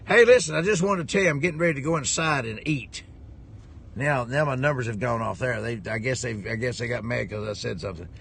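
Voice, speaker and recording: A man's voice: mid-range voice, fast, vocal fry, fairly bright tone, a little hiss or hum. A man, a preacher, telling a rambling, jovial story to his viewers with lots of chuckling. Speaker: preacher and ministry head.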